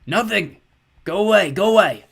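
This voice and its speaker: A man voicing a weary, sickly, grumpy strange man in an audiobook, with a cracked, squeaky voice and curt, dismissive replies. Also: animated, moderate pace, creaky, pushed and bright, slightly rough, exaggerated voice.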